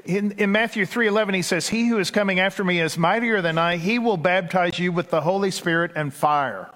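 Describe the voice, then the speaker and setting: Folksy Texan pastor, male, fairly high voice, preaching in a big echoing church. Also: fairly bright tone. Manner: conversational, folksy, with asides and quick bursts. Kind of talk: sermon. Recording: long hall reverb.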